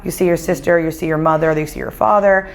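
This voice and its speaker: Guest woman with a lower voice, animated storyteller who acts out dialogue. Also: fast. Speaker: psychic medium guest. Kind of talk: casual storytelling conversation. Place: winery.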